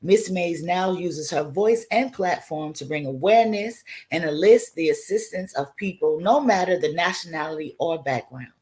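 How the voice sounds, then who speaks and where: A woman's voice: on the low side, animated, normal speed, few pauses, darkish tone. A woman hosting an online talk show, introducing a guest in a friendly, chatty way with casual asides. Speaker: host.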